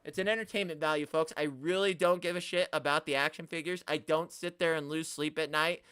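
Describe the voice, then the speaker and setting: Animated, ranting man streamer. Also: a little high, a little fast, smooth, no room sound, studio quality. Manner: animated, ranting, swears often. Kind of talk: live stream talk, reading chat. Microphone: studio mic, no camera.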